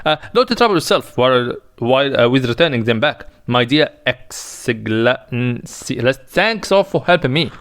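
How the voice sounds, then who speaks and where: List: nervous tongue-tied school superintendent, read by a man, halting, stumbling, dry close sound. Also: medium pitch, expressive, fairly bright tone, no echo. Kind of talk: dramatic reading of a play.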